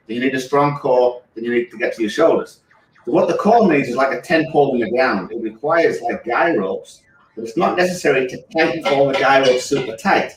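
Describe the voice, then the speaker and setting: A man with an English accent, a physical therapist guest, explaining briskly and using analogies. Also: mid-range voice, recorded from a distance. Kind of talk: explaining on live radio. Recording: roomy, off-mic with faint ambience.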